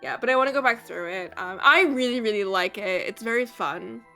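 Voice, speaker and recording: A woman's voice: medium pitch, a little fast, sharp tone, soft background music. A woman streamer giving casual, rambling and profane commentary while playing a game. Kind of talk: casual let's-play commentary.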